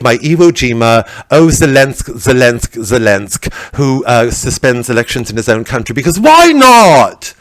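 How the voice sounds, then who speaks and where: A man's voice: mid-range voice, dry recording, poor audio. A man playing a vain, scatterbrained female celebrity comedian in stand-up character comedy, gushing and rambling about herself. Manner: gushing, rambling, self-absorbed. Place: comedy stage at a festival show.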